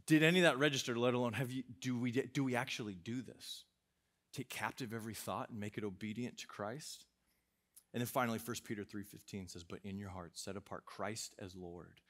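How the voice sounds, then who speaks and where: A man preaching a sermon to young adults, passionate, asking rhetorical questions and swinging from emphatic bursts to low, quiet drops. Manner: asks the audience rhetorical questions.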